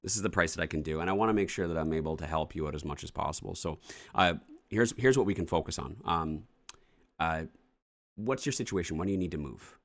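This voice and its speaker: A man with a very low voice talks fast, coaching listeners on real estate investing in an off-the-cuff morning-show style. He is blunt and swears freely. He often plays out what he would say to a seller. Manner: acts out offers as if speaking to a seller.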